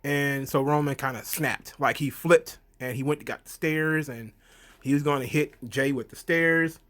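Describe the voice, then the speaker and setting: Brief: slightly high male voice, casual reviewer, chatty recap full of fillers, laughs, and acted-out quotes. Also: moderate pace. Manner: animated storyteller, acts out quotes in high voices; frequent fillers, laughs often. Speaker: wrestling reviewer.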